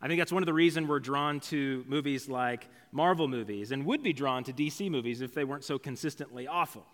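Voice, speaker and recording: A male pastor delivers a sermon in a relaxed, conversational manner and slips in casual asides as he tells stories. His voice sits at an ordinary middle pitch. A long reverb from the church sanctuary trails behind every phrase. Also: a little fast.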